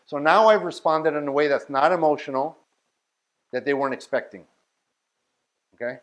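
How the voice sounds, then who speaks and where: A man with a fairly high voice leads a workshop. He talks bluntly and directly and keeps checking in with the people listening. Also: normal speed, pauses often. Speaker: outreach workshop leader. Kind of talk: workshop talk.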